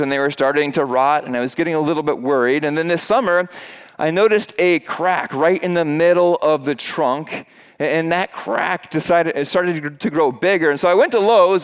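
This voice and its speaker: A man's voice: a bit bright, smooth. A man preaching a sermon in a church. He talks to the congregation in a conversational way, with fillers, restarts and asides. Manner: acts out quoted voices in a raised pitch. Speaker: pastor. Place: church with a screen behind him.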